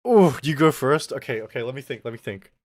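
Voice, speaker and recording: A man's voice: mid-range voice, expressive, brisk, dry recording, clean studio sound. A man chatting casually on a live stream, rambling playfully and talking to his chat.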